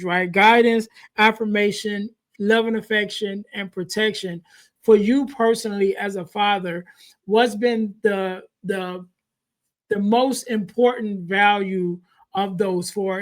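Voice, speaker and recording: A man hosting a podcast interview. He sums up the topic and asks his question several ways, with frequent short backchannels. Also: sits high. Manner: repeats and rephrases questions, backchannels often. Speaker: podcast host.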